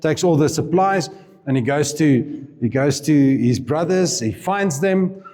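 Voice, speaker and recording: A man's voice: fairly high pitch, animated, unhurried, a little mellow. A man preaching a sermon, retelling a Bible story informally, with asides and chuckles. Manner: chatty and informal, with asides and laughs. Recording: reverberant hall.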